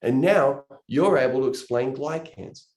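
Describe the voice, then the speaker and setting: A man's voice: medium pitch, measured pace, darkish tone, roomy sound. A man giving an earnest, emotional motivational talk on sales and recruiting, gesturing with his hands as he explains. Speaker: network marketing trainer.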